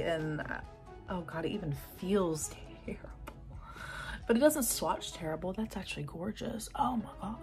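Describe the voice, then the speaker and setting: A young beauty vlogger gushes over her makeup collection in a lowish voice. She's chatty and excitable, tossing in lots of "like" and "oh my God."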